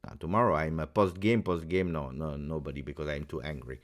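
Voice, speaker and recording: Angry low-voiced man ranting on a live stream. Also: fairly even intonation, brisk. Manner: heated, emphatic, repeats phrases. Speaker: fan channel host. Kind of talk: live-stream fan rant.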